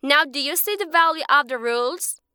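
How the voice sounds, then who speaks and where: A woman's voice: sits high, normal speed, pushed and bright, dry recording, studio quality, pitched above the performer's own voice. A woman voicing a small magical bird that speaks with patient, lecturing wisdom. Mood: earnest. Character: small magical talking bird, wise and calm.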